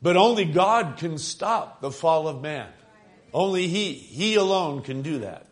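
A man preaching a sermon, earnest and emphatic, stretching key phrases and pausing with fillers between thoughts. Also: fairly high pitch, animated.

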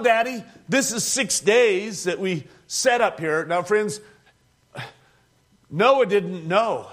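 A man in his sixties with a high voice preaches in a homespun storytelling way. He uses plain country grammar and chuckles often as he talks. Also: a bit bright. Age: 60s. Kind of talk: storytelling sermon.

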